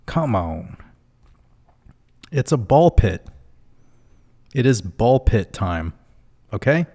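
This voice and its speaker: A man's voice: fairly low pitch, very animated, slow, warm tone, breathy edge. A man hosting a casual livestream, reading out viewer comments in a loose, profane way and laughing often. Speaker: livestream host.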